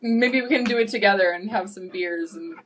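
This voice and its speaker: A woman's voice: medium pitch, brisk, slight background noise. A woman with a Michigan accent hosting a podcast interview in a loose, playful, laughing way. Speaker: podcast host. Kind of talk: casual interview chat.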